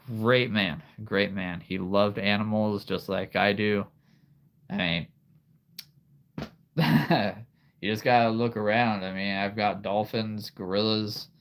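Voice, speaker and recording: Brief: low-voiced livestream host, thirties, halting and unhurried. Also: male voice, fairly bright tone. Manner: rambling, halting, laughs often. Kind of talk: casual live-stream chat.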